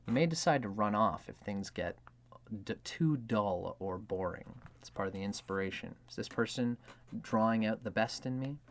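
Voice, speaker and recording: A man's voice: fairly low pitch, animated, moderate pace, slight background noise. A man hosting an astrology video, talking in a casual, rambling way with many filler words and acting out quoted lines. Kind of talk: casual explanatory monologue.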